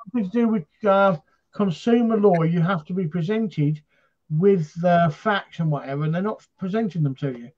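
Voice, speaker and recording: A man's voice: high voice, normal speed, darkish tone, lo-fi sound. A man from Britain hosting a paranormal chat show, telling stories in a rambling, casual way with lots of fillers.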